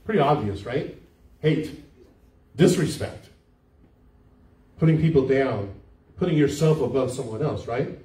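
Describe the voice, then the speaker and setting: A man's voice: medium pitch, animated, a little slow, long pauses, warm tone. An older man, a pastor, giving a conversational sermon and putting questions to the congregation. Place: church sanctuary. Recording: echoey church hall, mic from far off.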